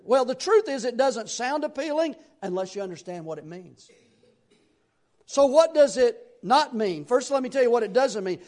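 A man with a strikingly high voice preaches a sermon from the pulpit. He talks to his congregation in a folksy, conversational way and keeps asking them rhetorical questions. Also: animated, normal speed, a little mellow.

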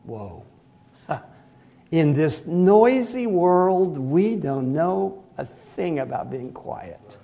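A man preaching a conversational sermon, moving from hushed asides to loud emphatic lines and chuckling at himself. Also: fairly high pitch, animated, drawn-out words, gravelly.

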